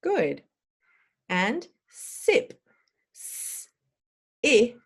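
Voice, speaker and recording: A woman's voice: fairly high pitch, huge pitch swings, drawn-out words, husky. A woman teaching English pronunciation, spelling sounds out and prompting the listener to repeat them. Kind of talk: slow drilled pronunciation lesson.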